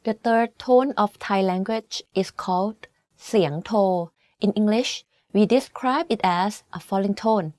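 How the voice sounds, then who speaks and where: A woman teaching a language lesson, explaining each tone clearly and slowly demonstrating example words. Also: medium pitch, a little mellow, dry recording, clean studio sound. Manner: clear, slow demonstrations of tones.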